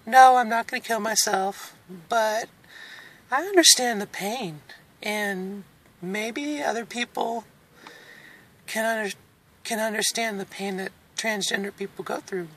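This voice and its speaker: A woman in her forties records a candid video diary, her voice pitched a little high. She speaks in an emotional, halting way, close to tears and breaking into nervous laughs. Her tone stays reflective as she talks. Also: a bit bright, a little hiss or hum. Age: 40s. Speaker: vlogger.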